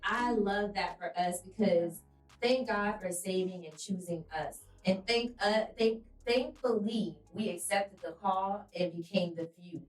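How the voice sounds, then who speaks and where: A woman's voice: mid-range voice, a little slow, roomy sound, distant mic, faint music behind, low-quality recording. A woman co-hosting a faith-based podcast, talking in an emphatic, preacherly way and telling stories with animation. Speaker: podcast co-host.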